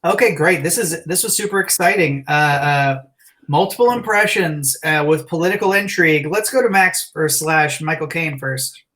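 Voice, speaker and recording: A man emcees a virtual improv show over a video call. He talks in a casual, halting way, filling gaps with little stalls between introductions. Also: on the high side, pushed and bright.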